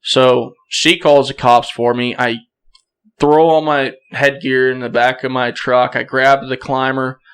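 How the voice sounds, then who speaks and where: A young man, a podcast guest, telling a hunting story in a casual, animated way and acting out the quoted voices. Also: mid-range voice, a little slow, clear, resonant tone.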